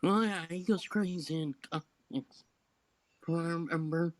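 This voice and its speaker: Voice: medium pitch, normal speed. A co-host in a casual gaming chat, easygoing and agreeable, adding bits of trivia. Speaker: podcast co-host.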